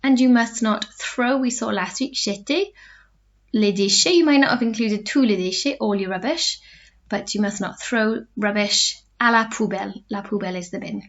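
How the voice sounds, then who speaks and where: A woman French teacher giving a recorded lesson, explaining step by step and repeating phrases slowly. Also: medium pitch. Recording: dull lo-fi recording.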